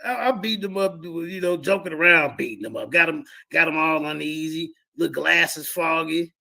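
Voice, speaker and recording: Streaming live commentary on debate clips, a man boasts, mocks his opponents, and repeats himself, addressing his chat as "y'all." His voice is a little high and gravelly with a sharp tone, at normal speed.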